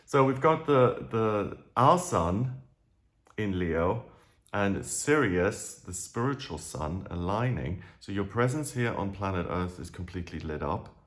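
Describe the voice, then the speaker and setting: Man, lowish voice, casual astrology talk, chatty, digressive. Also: expressive, a little slow, a bit bright. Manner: chatty, digressive, with frequent restarts.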